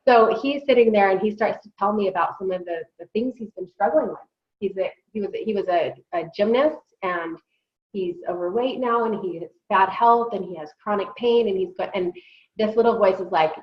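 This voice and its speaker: A woman's voice: medium pitch, brisk, a little hiss or hum. Chatty woman host, roomy dull sound. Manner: chatty storyteller, acts out her own quotes. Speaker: podcast host. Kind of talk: casual chat.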